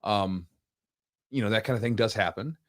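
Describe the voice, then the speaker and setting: Lively storytelling man on a podcast. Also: fairly low pitch, no room sound, studio quality. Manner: animated storyteller, quick, acts out quotes. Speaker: podcast host, jiu-jitsu coach. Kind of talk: casual storytelling chat.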